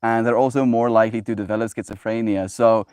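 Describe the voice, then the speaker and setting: A man's voice: fairly low pitch, level tone, fast, darkish tone, clear, resonant tone, dry recording. Reflective man, dry sound. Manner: reflective, uses many "like" fillers. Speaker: host. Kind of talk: casual conversation.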